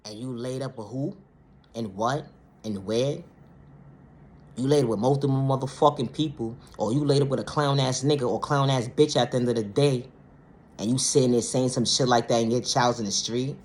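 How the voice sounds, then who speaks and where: A woman vlogger delivering a blunt, profane monologue rant, swinging between low, quiet stretches and loud, high outbursts. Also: normal speed. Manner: blunt, profane, repeats "ma'am, sir" and "respectfully".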